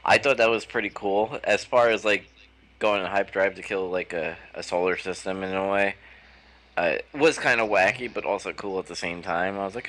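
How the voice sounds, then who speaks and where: A man hosting a live-streamed podcast, casual and excitable, laughing easily as he reads out his chat. His voice is very low. It still has a bright, forceful edge. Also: moderate pace.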